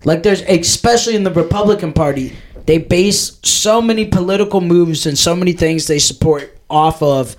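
A man's voice: sits high, normal speed, a little hiss or hum. A man co-hosting a podcast in casual chat, rambling and profane, full of "like" and "dude". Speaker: podcast co-host.

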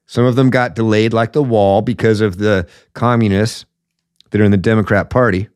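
A man's voice: lowish voice, steady tone, moderate pace, darkish tone, smooth, no room sound, studio quality. Blunt, emphatic male political host. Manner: blunt, emphatic, says "man" often, many fillers. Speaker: podcast host. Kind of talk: opinionated political commentary.

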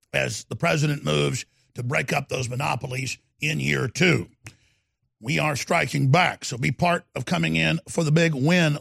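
A male radio talk show host delivering a fiery political monologue, ranting emphatically and swinging from low growls to sudden loud outbursts. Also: creaky, no echo, clean studio sound.

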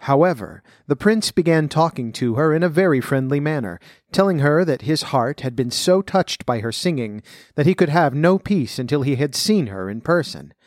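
A man's voice: a little high, animated, moderate pace, a little mellow, no room sound. Man reading a fairy tale, dry close sound. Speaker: storyteller and folklore commentator.

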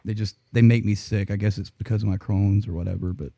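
A man's voice: lowish voice, fairly even intonation, fast, vocal fry, mellow, no room sound. Guy on a podcast rambling and cussing a lot, laughs a bunch, dry close sound. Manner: profane, rambling, laughs often. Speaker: podcast co-host. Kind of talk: casual chat.

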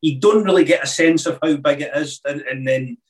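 Relaxed Scottish man, a bit off-mic. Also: fairly high pitch, a little fast, recorded from a distance. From Scotland. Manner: hesitant, many restarts, relaxed storytelling. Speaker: guest, former snooker player. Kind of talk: casual interview chat.

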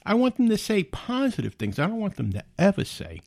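A man's voice: sits high, wildly swooping pitch, quick pace, few pauses, darkish tone, no room sound. A middle-aged man hosting a podcast, talking bluntly in a casual monologue and often repeating and restarting words. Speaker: podcast host.

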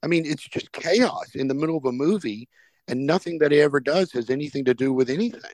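A man's voice: fairly high pitch, fast, no echo. A man hosting a podcast, telling stories in a casual chat and acting out the people in them. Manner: animated anecdote telling, acts out quoted characters. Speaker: podcast host.

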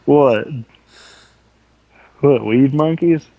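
A man's voice: medium pitch, very slow, gravelly, no room sound. A man co-hosting a casual gaming podcast, telling rambling profane stories, with a sore throat. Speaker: podcast co-host. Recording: tinny phone-like line.

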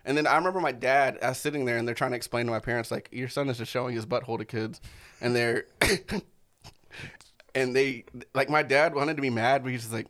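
A man in casual comedy banter, quick and loose, with a middle-pitched voice. He tells crude stories at speed and switches into other people's voices partway through. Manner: fast, animated storyteller who puts on voices for others. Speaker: podcast co-host.

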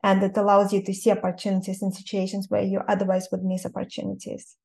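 A woman with a Russian accent, an interviewer and coach, speaking in a calm, measured and thoughtful way. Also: medium pitch, vocal fry. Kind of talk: interview conversation.

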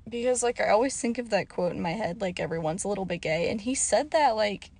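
A young woman hosting her own podcast, chatting casually and rambling off topic with lots of fillers, her voice a little hoarse. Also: medium pitch, animated, fast talker, a little mellow. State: slightly hoarse. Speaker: podcast host. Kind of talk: casual solo podcast chat.

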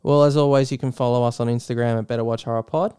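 An Australian man co-hosting a casual podcast, his voice smooth and clear. He rambles, restarts his sentences and swears freely. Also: mid-range voice, fairly even intonation, quick pace, warm tone. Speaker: podcast co-host. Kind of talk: casual chat.

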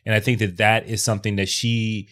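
A man's voice: on the low side, little pitch movement, brisk, a bit bright. A man in casual podcast chat, reflecting on things and often restarting his sentences. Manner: reflective, talks in metaphors and restarts.

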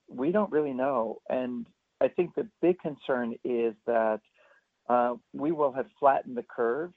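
A man speaking as a pediatrician guest, explaining parenting advice in an earnest way with lively demonstrations, calling in to a radio interview. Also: mid-range voice. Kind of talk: expert interview answers. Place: remote, not in the studio. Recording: tinny phone line into a radio show.

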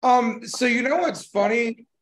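A man's voice: very high voice, measured pace, a bit bright. A man co-hosting a casual podcast, a tattoo artist talking in a laid-back, rambling way, swearing casually and laughing often. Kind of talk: casual chat.

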